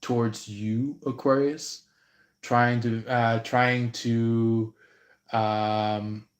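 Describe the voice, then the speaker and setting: Slow, halting man in an echoey room. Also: mid-range voice, flat delivery. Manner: slow, halting, many fillers. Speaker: tarot reader. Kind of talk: live-stream intuitive reading.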